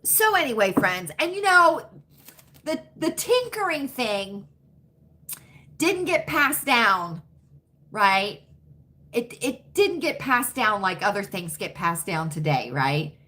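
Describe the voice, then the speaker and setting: Woman, 50s, livestream host, bright high voice, chatty and emphatic with her chat. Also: sing-song. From United States. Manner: chatty, talks straight to chat, drawn-out emphatic asides. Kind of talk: casual livestream chat with viewers.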